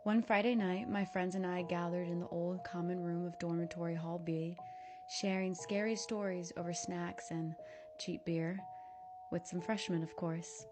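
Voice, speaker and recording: Young woman, lowish voice, dramatic narration over music. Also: fairly even intonation, moderate pace. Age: young adult. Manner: dramatic, drops to whispers for effect. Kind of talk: scripted storytime narration.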